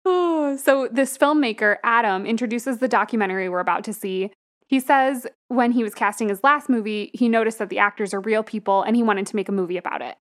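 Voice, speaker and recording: A young woman with a somewhat high voice co-hosts a casual podcast. She walks through a film's plot and breaks into laughter again and again. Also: brisk. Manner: laughs often while recapping plots. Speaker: podcast co-host. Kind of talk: casual movie review chat.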